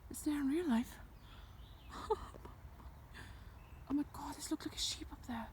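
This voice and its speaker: A woman's voice: high-pitched, unhurried. A young woman chatting nervously to the camera while walking on a rural hill, often dropping to a whisper. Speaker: vlogger. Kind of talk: casual walking vlog. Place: outdoors on a rural hillside. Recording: noisy outdoor recording.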